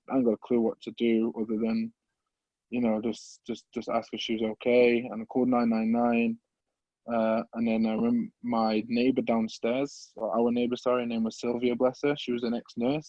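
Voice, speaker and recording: A man, earnestly telling his life story as a podcast guest in a halting, open and emotional way. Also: mid-range voice, darkish tone, no room sound, dull audio. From English Midlands. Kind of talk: personal life story in an interview.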